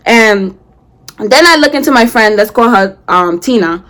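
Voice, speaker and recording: A young woman in her twenties telling a storytime while doing her makeup, slangy and animated, acting out heated quotes. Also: mid-range voice, normal speed. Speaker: vlogger.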